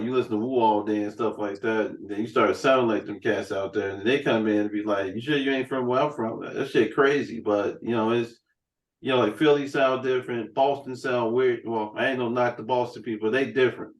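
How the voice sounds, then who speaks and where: A man's voice: medium pitch, fairly even intonation, brisk, recorded from a distance. A man hosting a podcast, telling loose, profane stories in a casual chat. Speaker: podcast host. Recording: roomy room sound, set back from the mic.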